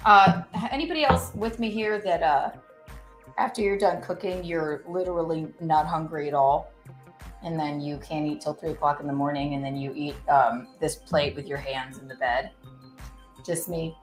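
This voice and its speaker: A woman hosting a casual cooking livestream, chatting in an animated, giggly way and reading out viewer tips. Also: low-pitched, moderate pace. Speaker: cooking show host. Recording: echoey room with faint music.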